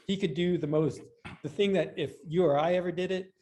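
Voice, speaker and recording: A man's voice: high-pitched, steady tone, brisk, warm tone. A man who is a guest on a podcast, telling long stories in casual talk with many restarts and fillers. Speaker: guest, BMX rider. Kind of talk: casual interview storytelling.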